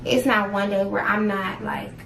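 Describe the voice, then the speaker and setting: A woman giving painful eyewitness testimony, halting and filled with repeated fillers. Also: medium pitch, flat delivery, creaky, a bit bright. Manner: halting, many fillers, visibly pained. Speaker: interviewee, eyewitness. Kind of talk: emotional personal testimony. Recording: roomy ambient recording, faint noise.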